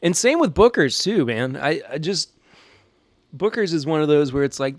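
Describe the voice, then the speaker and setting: Reacting to a live chat, a male podcast host from the American South jokes around casually in his Southern accent. His pitch is on the high side and expressive, the pace moderate, with no echo. He seems a bit stressed.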